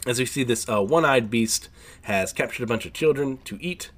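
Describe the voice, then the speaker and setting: A man giving a casual chapter recap, rambling with fillers and frequent throat clearing. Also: medium pitch, normal speed, a bit bright. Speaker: manga reviewer.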